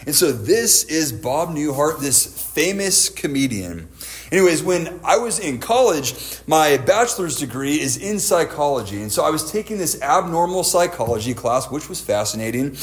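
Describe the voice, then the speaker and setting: A young adult man delivers a sermon in a fairly high voice. He tells stories to make his point and acts out the lines he quotes with a raised voice. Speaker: preacher.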